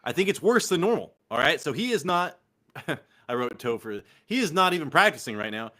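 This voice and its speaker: A man's voice: on the high side, big pitch swings, brisk, pushed and bright. A young man with a Californian accent, hosting a casual fantasy football show with loose, profane, laughing banter. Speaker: podcast host.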